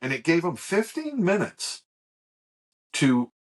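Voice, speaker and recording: A middle-aged man co-hosting a podcast, telling a personal story in a halting, animated way with frequent restarts. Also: a little high. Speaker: podcast co-host. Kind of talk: casual chat, personal storytelling.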